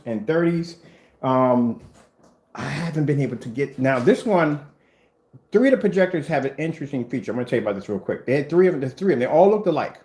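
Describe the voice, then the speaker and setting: A man who owns a screen paint business, talking casually on camera in a rambling, emphatic way from his workshop. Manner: rambling and emphatic, mimics others in high voices. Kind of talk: casual vlog rant. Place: workshop room with projectors.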